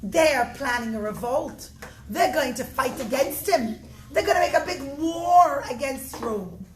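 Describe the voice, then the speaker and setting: A woman's voice: sits high, measured pace. A woman voicing a rich man who pleads to stay, then plots revenge. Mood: scheming. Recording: echoey room with steady noise.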